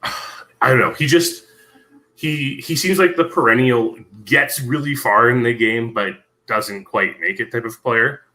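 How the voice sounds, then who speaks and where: A man guesting on a casual podcast, explaining things with knowledge in a measured way, with frequent ums. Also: medium pitch, bright, forceful tone, poor audio.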